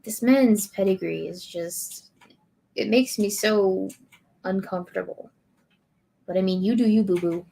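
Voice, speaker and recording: A woman streamer reading lyrics aloud in a deadpan way and chatting with her audience. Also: mid-range voice, vocal fry. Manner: slow, deadpan lyric reading with bursts of laughter.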